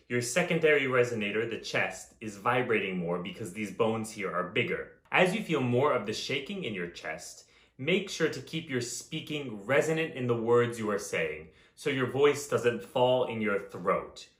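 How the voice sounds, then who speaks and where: A man teaching a voice lesson in a calm, instructive way, with chanted vocal examples. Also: mid-range voice, moderate pace, roomy sound. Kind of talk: vocal lesson with sung demonstrations.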